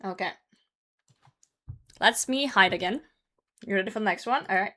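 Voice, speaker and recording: A young woman with a bright, clear voice talks loosely to her stream chat, hosting a game from her computer at home. Her delivery is chatty and unscripted, and laughter slips in often between lines. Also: medium pitch, moderate pace. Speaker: livestreamer hosting a hide-and-seek game. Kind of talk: casual live-stream chat.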